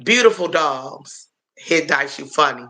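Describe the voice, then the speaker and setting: A man chats on a live stream with a high, bright voice, answering viewers' comments as they come in. He talks unhurriedly and rambles, filling gaps with um and uh and calling his viewers y'all. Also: expressive. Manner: halting, with frequent um and uh fillers. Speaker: livestream host answering chat. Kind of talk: casual live-stream chat.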